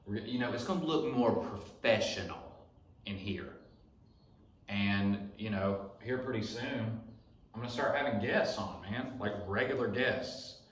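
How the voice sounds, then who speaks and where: A man's voice: lowish voice, a little slow. A young man hosting a podcast in his garage, rambling through a profane story in a casual monologue. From Alabama. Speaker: podcast host. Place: home garage. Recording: echoey garage.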